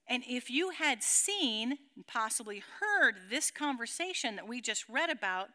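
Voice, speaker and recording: A woman's voice: fairly high pitch, bright, forceful tone, clean tone. A woman teaching a Bible passage to a group in a dramatic way. She keeps checking in with her listeners and acts out the story's sound effects.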